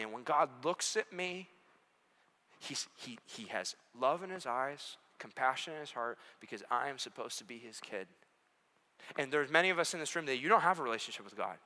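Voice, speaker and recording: A man's voice: mid-range voice, bright, forceful tone. A man preaching a sermon as pastor, earnest and building to emphatic repeated questions. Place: large church auditorium. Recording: echoey church hall.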